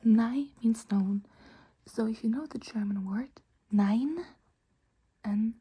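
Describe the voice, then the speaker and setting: A woman whispers an ASMR lesson very close to the microphone. Her voice is soft and mellow, and she patiently repeats each word at an unhurried, slow pace. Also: on the high side, breathy edge. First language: Norwegian. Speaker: language teacher.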